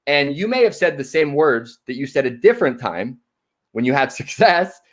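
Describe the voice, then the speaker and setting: A man's voice: mid-range voice, big pitch swings, normal speed. A man giving a motivational talk on connection as a workshop presenter. He ends nearly every sentence with "right?" and acts out short conversations. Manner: acts out small dialogues in shifting voices.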